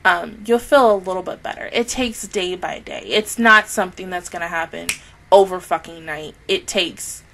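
A woman with a somewhat low voice speaks to the camera in a casual, loose review. She is earnest and heartfelt, rambling and circling back as she talks. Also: normal speed, pushed and bright, slight background noise, rough recording. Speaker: anime reaction YouTuber.

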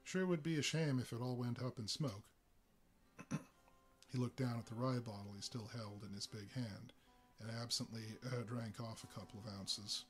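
Casting: male story reader, mid-pitched and steady, faint guitar under. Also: moderate pace. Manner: steady storytelling with small fillers. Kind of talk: live story reading.

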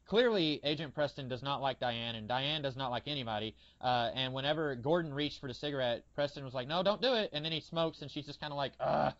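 A man's voice: mid-range voice, fast, few pauses, fairly bright tone, no echo. A man co-hosting a podcast in casual chat, rambling with lots of fillers as he retells scenes with animation. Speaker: podcast co-host. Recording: dull lo-fi audio.

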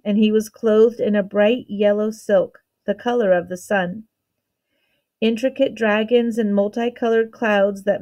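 A woman teacher reading a children's novel aloud with steady, expressive storytelling. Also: medium pitch.

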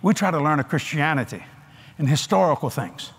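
An older man with a drawl preaches to a big convention crowd, his husky voice sitting a little high for a man. He swings his pitch up and down with great animation. He tells it folksy, with little laughs and asides. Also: animated, brisk, fairly bright tone. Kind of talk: sermon. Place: large convention hall.

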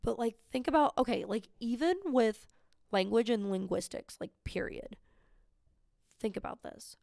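A woman's voice: on the high side, animated, unhurried, vocal fry, a little mellow, no echo, clean studio sound. A young woman talking as a guest on a podcast, chatting casually and rambling with lots of fillers. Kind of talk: casual chat.

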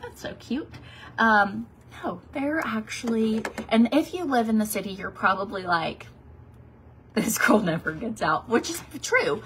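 A woman's voice: fairly high pitch, sharp tone, a little hiss or hum. A woman in her thirties from Tennessee, a beauty vlogger chatting casually during a makeup tutorial, rambling with many fillers and restarts.

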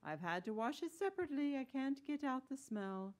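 A woman's voice: sits high, big pitch swings, brisk, a little mellow, voice pushed up. Storybook hedgehog washerwoman, female, fussy and deferential, old-fashioned country speech, read by a woman. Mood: eager, polite.

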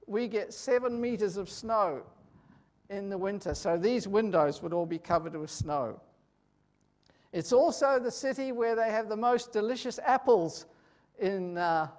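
An older man preaching in a church, praying first, then telling stories slowly with pauses and fillers. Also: high voice, a little mellow. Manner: slow, storytelling with pauses and fillers. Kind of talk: sermon with opening prayer.

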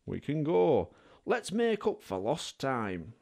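Man doing a kindly calm railway guard. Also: medium pitch, takes it slowly, vocal fry, full character voice. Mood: reassuring.

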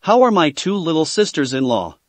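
A teasing, affectionate teenage girl voiced by a man in a higher, dry storybook read. The delivery stays close to a plain reading voice. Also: very animated, a little fast, dry recording.

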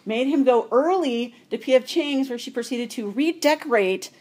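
A woman's voice: sits high, animated, normal speed, darkish tone. A woman telling a casual anecdote as a guest, chatty, with laughing asides. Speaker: guest storyteller.

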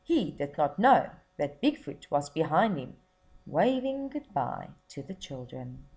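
Slow, expressive teacher reading a story. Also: female voice, sits low, a little hiss or hum. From South Africa. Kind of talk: reading a story aloud to children.

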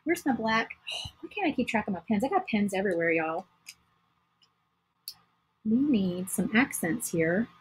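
A woman's voice: medium pitch, animated, a little slow, pauses often, poor audio. A woman hosting a casual crafting livestream, chatting to viewers while she paints. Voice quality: very husky.

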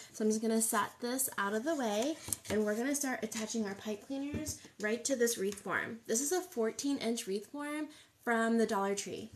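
A woman's voice: on the high side, slight background noise. Chatty woman livestreaming crafts. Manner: chatty, upbeat, greets viewers by place. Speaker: craft tutorial host. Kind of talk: live-streamed craft tutorial, greeting viewers. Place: home craft table.

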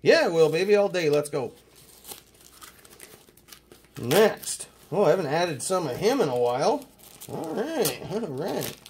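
A card-collecting host from Canada chats through his mail day, full of profanity and excited hype. His voice sits a little higher than most men's. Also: unhurried, pauses often, slight background noise. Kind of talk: casual mail-day chat.

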